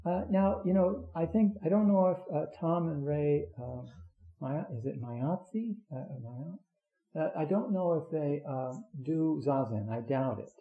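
A man giving a Zen talk in a slightly high voice, halting and rambling with constant fillers and restarts. The sound is roomy and dull, like a lo-fi hall recording. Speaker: Zen teacher. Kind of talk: dharma talk.

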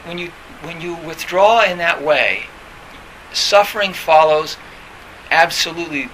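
A man's voice: fairly high pitch, sharp tone, rough recording. A man giving a conversational dharma talk, full of fillers and restarts, who acts out quoted voices now and then. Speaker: meditation teacher. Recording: faint hiss.

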